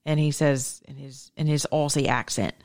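A woman's voice: a bass voice, steady tone, normal speed, a little mellow. A middle-aged woman, hosting a casual commentary monologue, telling stories emphatically with asides and self-interruptions. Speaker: political commentary host.

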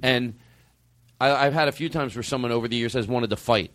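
A comedian hosting a podcast, telling stories in casual chat, profane and animated, acting out quotes. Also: male voice, medium pitch, brisk, no room sound.

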